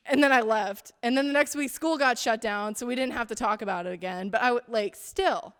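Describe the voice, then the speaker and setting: A woman's voice: on the high side, moderate pace, fairly bright tone, clear, resonant tone. A young woman performing a stand-up set on a theater stage with a handheld mic, chatty and self-deprecating, full of "like". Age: young adult. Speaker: student stand-up comedian. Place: theater stage, tiny live audience. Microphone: handheld stage microphone. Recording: long reverb of a theater hall.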